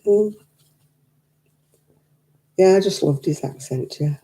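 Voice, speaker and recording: A woman hosts a craft live stream from her living room, talking into a desk mic. Her voice is very dark and mellow, sitting a little low, and she rambles chattily with frequent laughs. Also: slow. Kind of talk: casual chat while knitting, reading viewer comments. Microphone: desk microphone.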